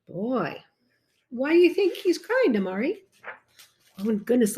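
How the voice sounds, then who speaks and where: A woman reading a picture book aloud to a child, stopping often to point things out and ask him questions in an animated, exclaiming way. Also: high voice, breathy edge. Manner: animated, talks to a child between pages; slow and warm, exclaiming often. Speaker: reader to a child.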